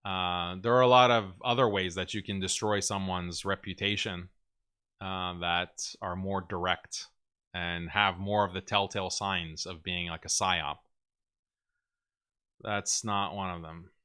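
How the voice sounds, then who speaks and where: A male livestream host with a bright, forceful voice that comes through smooth and crisp. He talks in a blunt, opinionated way, laughing now and then and mocking critics with sarcastic mimicry as he reads and answers viewer messages. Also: low-pitched, steady tone, measured pace. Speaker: show host reading viewer super chats. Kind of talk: casual livestream commentary.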